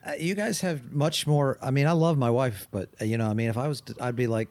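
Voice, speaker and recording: A man with a mid-range voice talks in halting bursts, restarting his sentences as he asks questions in a casual conversation. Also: mid-range voice, a little mellow. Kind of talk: casual chat.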